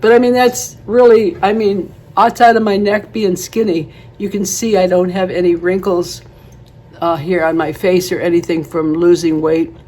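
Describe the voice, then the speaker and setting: A woman's voice: lowish voice, flat delivery, moderate pace, dark tone. Chatty woman in her eighties. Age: 80s. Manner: chatty, rambling storyteller, laughs often. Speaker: beauty vlogger. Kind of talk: casual chat to camera.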